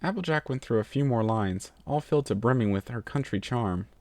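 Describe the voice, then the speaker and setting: Animated male storyteller. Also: medium pitch, a little fast, no room sound. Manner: lively storytelling. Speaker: narrator. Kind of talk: fan fiction reading.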